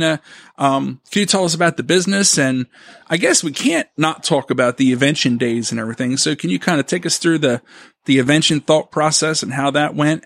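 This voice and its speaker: A man's voice: a little high, vocal fry, fairly bright tone, no room sound, studio quality. A man hosting a casual interview, curious and joking, stumbling a little as he asks his questions. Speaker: podcast host.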